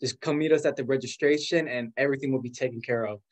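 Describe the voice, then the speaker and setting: A man in his twenties telling a personal story in casual conversation, animated and quick, full of fillers, acting out the voices of others. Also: medium pitch, slight background noise. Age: 20s. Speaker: guest.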